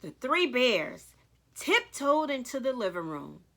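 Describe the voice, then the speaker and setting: A woman author reading a story aloud to children, animated and speaking directly to young listeners. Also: high voice, slow, creaky.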